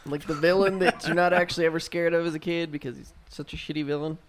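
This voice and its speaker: A man's voice: on the high side, steady tone, fast talker. A man chats with friends, dry and mocking. A faint noise sits under his voice. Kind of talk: casual chat.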